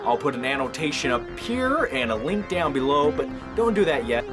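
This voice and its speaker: A man's voice: fairly high pitch, very animated, normal speed, hardly any pauses, over music. A man in a casual, comedic movie vlog, jokey and rambling with lots of fillers. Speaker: movie vlogger.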